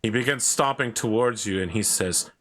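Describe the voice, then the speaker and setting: A man narrating a tabletop role-playing game as game master, unhurried and descriptive. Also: fairly low pitch, fairly bright tone.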